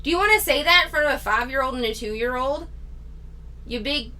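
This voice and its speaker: A woman's voice: high-pitched, expressive, brisk, pushed and bright. A woman hosting a reaction commentary, talking in a candid, critical and sarcastic way. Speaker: commentary channel host.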